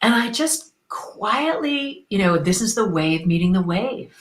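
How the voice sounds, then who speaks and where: A woman from Canada, a guest on an interview show, telling a personal story in an enthusiastic, expressive, spiritual way. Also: medium pitch, a little slow, roomy sound, low-quality recording.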